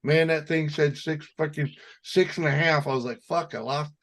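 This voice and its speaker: A man's voice: a little high, flat delivery, normal speed. A middle-aged man, hosting a casual livestream with crude, joking banter. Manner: crude, joking, laughs often. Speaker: host.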